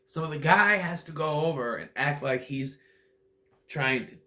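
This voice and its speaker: A man's voice: fairly high pitch, a little slow, pushed and bright. A man giving a casual, rambling movie recap that meanders and often loses its thread. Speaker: movie reviewer.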